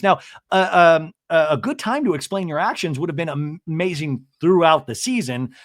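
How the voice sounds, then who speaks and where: A man hosting a podcast, giving an animated, chatty recap of a reality-TV episode and often asking listeners "right?". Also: on the high side, normal speed, few pauses, no room sound, studio quality. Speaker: podcast host.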